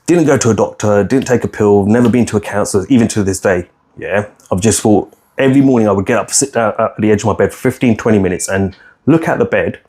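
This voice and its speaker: A man's voice: fairly low pitch, fast talker, a little mellow. A man, telling his own story on a podcast in a frank, rambling way, swearing freely and restarting often. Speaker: podcast co-host. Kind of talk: candid personal storytelling.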